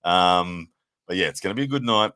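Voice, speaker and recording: Upbeat low-voiced man hosting a live stream. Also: a little fast, bright, forceful tone, smooth. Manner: upbeat, thanks viewers often. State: tired, late at night. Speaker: host of live watch party. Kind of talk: casual live stream chat.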